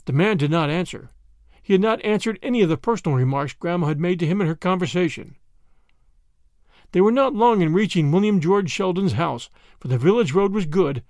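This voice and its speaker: A man narrating a classic short story as a podcast host, in expressive, measured storytelling. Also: high-pitched, no echo, studio quality.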